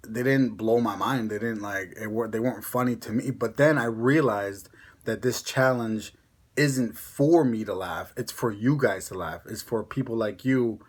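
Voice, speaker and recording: A man's voice: on the low side, moderate pace, slightly rough. A young man with a Connecticut accent, chatting casually on a vlog in a rambling, self-mocking way. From born in Mexico, raised in Connecticut. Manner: rambling, chatty, laughs at himself. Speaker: ASMR vlogger. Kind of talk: casual chat.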